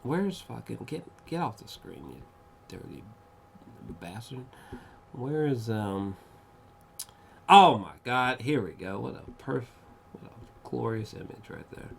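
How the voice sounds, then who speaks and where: A man giving a casual spoken film review, rambling and profane, full of fillers, with bursts of excited gushing. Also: mid-range voice, slow, creaky, long pauses, a little hiss or hum. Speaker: movie reviewer.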